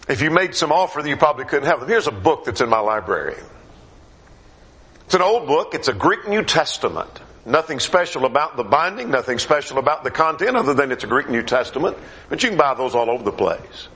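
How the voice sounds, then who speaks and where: A man preaching a gospel meeting sermon in a conversational way, his questions rising and his phrases dropping low at the end. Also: fairly bright tone.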